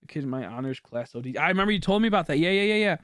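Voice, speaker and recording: A man's voice: on the high side, animated, very fast, fairly bright tone, no echo, clean studio sound. A man streaming, chatting casually with viewers in a rambling way, with lots of filler words and frequent swearing.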